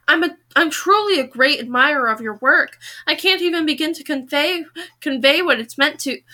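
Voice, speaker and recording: A woman's voice: high voice, lively intonation, moderate pace, bright, forceful tone, voice pushed up. Woman reading as an eager, placating male fan. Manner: earnest and placating.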